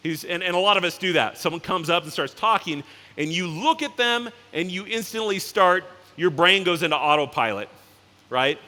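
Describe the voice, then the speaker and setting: A man's voice: high voice, lively intonation, bright, forceful tone. A man, a company CEO, giving a casual conference keynote and acting out characters in his stories. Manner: casual, anecdotal, acts out the characters in quick voices. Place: large conference hall. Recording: reverberant hall.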